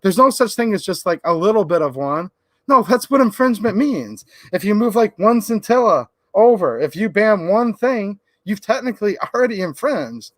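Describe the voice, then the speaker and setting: A man's voice: high-pitched, big pitch swings, normal speed, a bit bright, dry recording. A man hosting a livestream, talking in a fired-up, emphatic way. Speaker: livestream host. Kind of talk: casual livestream talk.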